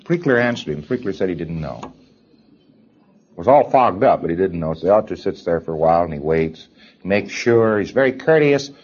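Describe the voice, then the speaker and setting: A man's voice: low voice, lively intonation, normal speed, a little mellow, lo-fi sound. A man lecturing trainees in an emphatic way, repeating his points and mimicking hesitant people as he talks.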